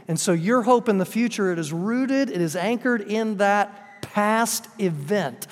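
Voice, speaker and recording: A man preaching a sermon and praying, earnest, often sinking to soft, quiet phrases at emotional moments, recorded in a church hall. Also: sits high, animated, a little slow, few pauses. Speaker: pastor. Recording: long reverb of a large hall.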